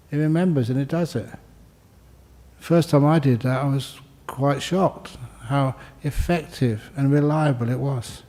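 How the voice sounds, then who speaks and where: A man's voice: a little high, mellow. An older man, a Buddhist monk, giving a conversational dharma talk and answering questions, with jokes and phrases repeated for emphasis. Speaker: Buddhist monk teaching meditation.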